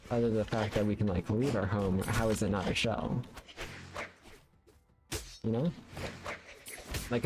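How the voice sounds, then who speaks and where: A man's voice: fairly low pitch, background noise. A man streaming a fighting game, rambling playfully with many fillers over his own play. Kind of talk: casual gaming commentary. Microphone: studio condenser mic.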